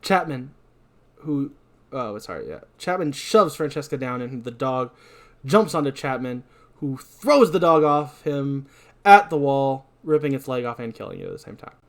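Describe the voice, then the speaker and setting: A man hosting a podcast, recapping a movie scene by scene with animated storytelling and self-deprecating asides. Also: mid-range voice, moderate pace. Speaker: podcast host.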